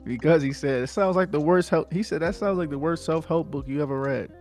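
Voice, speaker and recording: A man's voice: fairly high pitch, fairly quick, darkish tone, faint music behind. A man from New Jersey co-hosting a podcast in casual chat, laid-back and repetitive, full of slang. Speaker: podcast co-host.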